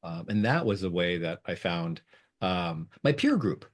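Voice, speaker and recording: A middle-aged man, a lawyer and negotiator, talking as a guest in a conversational interview, with many fillers and restarts. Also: a little slow. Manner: rambling with many fillers and restarts, lively pitch jumps.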